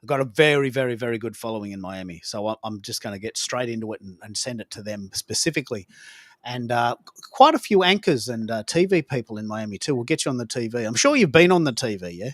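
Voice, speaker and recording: Lively Australian man, chatty host. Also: mid-range voice, quick pace, no echo. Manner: animated, chatty storyteller. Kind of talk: casual live-stream chat.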